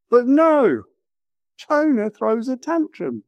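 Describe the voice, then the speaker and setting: A middle-aged man preaching a sermon, animated and acting out quotes with exaggerated voices. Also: high voice, moderate pace, pauses often, no echo.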